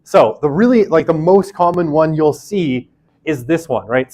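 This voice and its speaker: A man's voice: on the high side, expressive, unhurried, darkish tone. A man teaches a university class in a loose, conversational way. He fills his sentences with asides and fillers and pokes fun at himself as he explains. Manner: chatty, many fillers and asides, self-deprecating. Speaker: university lecturer. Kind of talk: casual classroom lecture.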